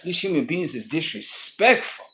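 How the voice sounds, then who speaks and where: A man's voice: on the high side, big pitch swings, moderate pace, noisy background. A man telling a story in a casual, profane, ranting way on his livestream.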